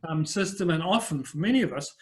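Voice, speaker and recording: Speaking quickly over a little hiss or hum, an older New Zealand man who works as a business coach shares anecdotes in a laid-back interview. His slightly higher-than-typical male voice rambles along in a chatty way, packed with fillers.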